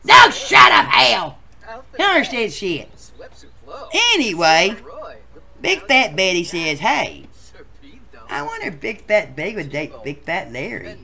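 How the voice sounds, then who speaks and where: A performer voicing a crude, rowdy male bachelor contestant, who tells profane stories and bursts into shouts. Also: mid-range voice, sing-song, unhurried, gravelly, long pauses, heavily acted. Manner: profane storytelling with sudden shouted outbursts. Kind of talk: comic machinima voice acting.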